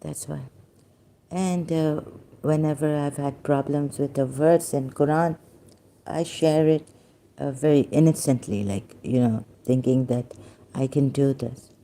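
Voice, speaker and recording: Hoarse woman with a gravelly low voice. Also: steady tone, dark tone. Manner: halting, many pauses and fillers. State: hoarse, losing her voice. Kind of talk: personal video monologue.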